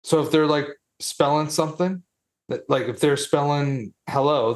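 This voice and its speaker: A man's voice: a little high, measured pace. A man co-hosting a podcast in casual, laid-back banter, tossing in "dude.". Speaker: podcast co-host. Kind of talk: casual chat.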